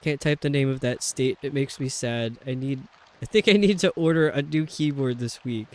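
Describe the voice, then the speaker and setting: A man's voice: medium pitch, normal speed, darkish tone. A man streaming a video game, chatting casually and rambling with lots of fillers. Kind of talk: casual chat while playing a video game.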